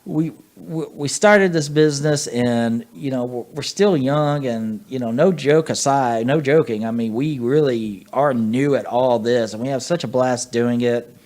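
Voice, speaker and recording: A man's voice: medium pitch, unhurried, hardly any pauses, a little mellow. A man co-hosting a casual fantasy football podcast, rambling and joking with many fillers. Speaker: podcast co-host. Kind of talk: casual sports chat.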